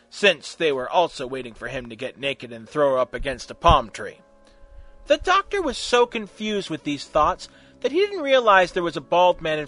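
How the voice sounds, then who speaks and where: A man narrating a comic fan fiction story in an animated, mocking way. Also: a little high. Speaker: story reader.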